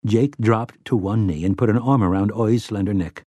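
A man's voice: lowish voice, slightly rough, no room sound. Man narrating an audiobook in a dry room. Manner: steady, brisk storytelling. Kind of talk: scripted novel narration.

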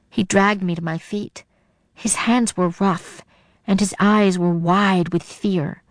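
A woman reads a first-person suspense story aloud with tense, dramatic storytelling. Her voice sits at an ordinary mid pitch, and the recording is dry and close with no room sound. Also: fairly even intonation, slow pace, no echo. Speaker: narrator. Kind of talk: first-person audiobook narration.

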